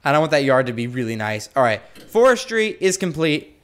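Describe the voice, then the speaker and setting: A young adult man hosting a let's play, chatting through a prison-building game with mumbled asides and excited yelps. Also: mid-range voice, fairly quick. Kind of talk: gameplay commentary.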